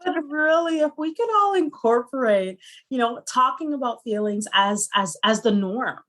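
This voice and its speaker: A woman's voice: fairly high pitch, animated, normal speed, fairly bright tone. A middle-aged woman speaking as a psychotherapist guest in a conversational interview, earnest and often ending points with rhetorical questions.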